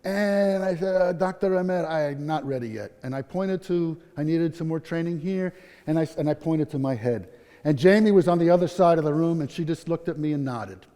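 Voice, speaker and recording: Man, middle-aged, self-deprecating storyteller, highish voice, conference hall echo. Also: fairly quick, mellow. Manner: candid, self-deprecating, quotes people in their voices. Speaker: conference speaker, patient. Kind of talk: personal story told on stage. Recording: long hall reverb.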